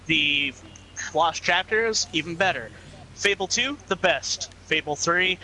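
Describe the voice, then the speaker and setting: A man chatting casually over a game stream, making quick quips and laughing often. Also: on the high side, sharp tone, poor audio. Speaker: friend joining the stream. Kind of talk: casual joking chat.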